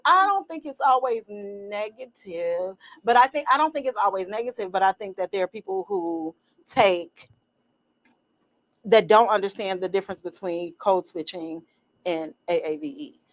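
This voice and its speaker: A middle-aged woman co-hosting a podcast in casual chat, telling lively stories and acting out quotes. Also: mid-range voice, normal speed. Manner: animated storyteller, acts out quotes. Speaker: podcast co-host.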